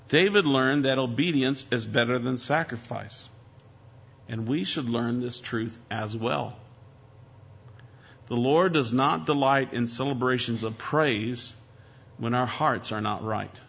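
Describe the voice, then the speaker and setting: A man preaches with a bright, forceful voice. He swings between loud emphasis and hushed asides. The sound is dull and lo-fi. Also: mid-range voice, slow pace, creaky, long pauses, slightly rough. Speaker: pastor. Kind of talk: sermon. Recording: dull lo-fi recording.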